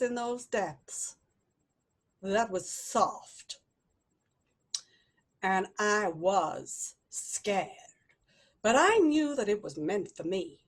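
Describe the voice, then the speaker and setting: A woman improvising a story live, telling it dramatically with long pauses. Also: on the high side.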